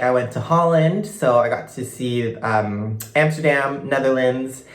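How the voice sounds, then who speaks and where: A young man from Canada chatting casually in a vlog, gushing and bubbly, full of "like" fillers. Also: mid-range voice. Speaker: vlogger. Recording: echoey room.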